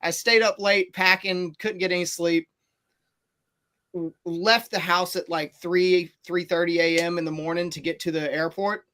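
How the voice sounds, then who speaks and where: On a casual podcast, a man tells a long story in an animated, rambling way, full of fillers and restarts. His voice is high-pitched and moves at a moderate pace.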